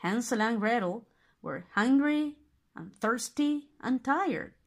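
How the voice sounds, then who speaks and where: A woman reading a fairy tale aloud as narrator, expressive and deliberate. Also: on the high side, creaky. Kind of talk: storybook reading.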